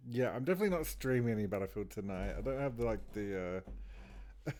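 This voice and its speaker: Tired male streamer muttering to himself while drawing, with a low, mellow voice. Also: animated, moderate pace, pauses often. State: tired, yawning. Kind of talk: casual talk while drawing.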